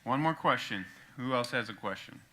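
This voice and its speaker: A man leading a youth group question session, prompting the room with quick questions. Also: mid-range voice, lively intonation, pushed and bright, slight background noise. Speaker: youth pastor.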